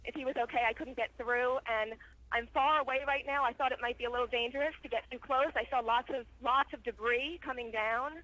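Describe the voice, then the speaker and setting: A shaken woman eyewitness, describing events live over the phone in halting speech with many restarts. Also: on the high side, fairly even intonation, pushed and bright, no room sound. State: shaken, stuttering. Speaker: eyewitness caller. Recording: phone line.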